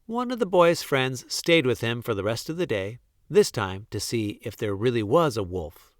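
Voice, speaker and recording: A man reading a children's story aloud in a slow, gentle, expressive way. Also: medium pitch, no echo, studio quality. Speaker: storybook reader.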